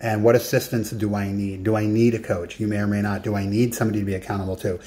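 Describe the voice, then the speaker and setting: A man's voice: lowish voice, little pitch movement, fast talker, mellow. A man giving a recorded coaching lesson, talking straight to the listener and setting writing tasks. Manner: direct, talks to the listener, gives writing tasks.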